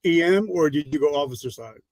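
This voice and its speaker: A podcast host interviewing a guest with short, direct questions. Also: male voice, on the high side, animated, fairly quick, darkish tone, rough recording.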